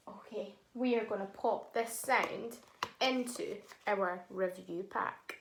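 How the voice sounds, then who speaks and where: A woman teaching a phonics lesson to young children, sounding out words syllable by syllable and praising them warmly. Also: mid-range voice, slow pace, gravelly.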